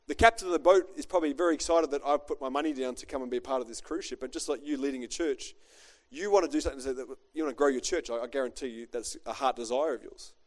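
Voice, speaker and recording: A man's voice: mid-range voice, fast, few pauses. A middle-aged man, a pastor preaching a chatty, joking sermon built on a personal story.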